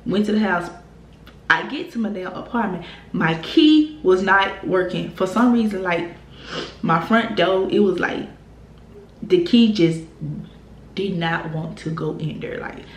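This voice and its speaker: A woman's voice: on the low side, a little slow, long pauses, echoey room. A young woman tells a story in a casual, rambling way, with lots of swearing and filler words. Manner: animated, profane, rambling with many fillers. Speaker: vlogger telling a story.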